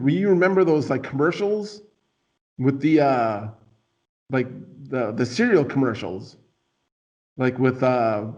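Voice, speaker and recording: A man's voice: on the high side, a little mellow. A man hosting a casual talk show, rambling and playful with lots of fillers. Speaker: podcast host. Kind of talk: casual chat. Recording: dull lo-fi sound.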